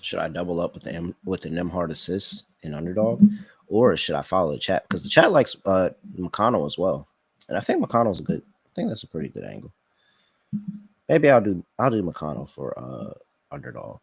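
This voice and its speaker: A man's voice: sits low, sing-song, normal speed, creaky, long pauses, slightly rough, dry recording. A man hosting a sports betting podcast in casual live-stream chat, thinking aloud and reacting to viewers' comments.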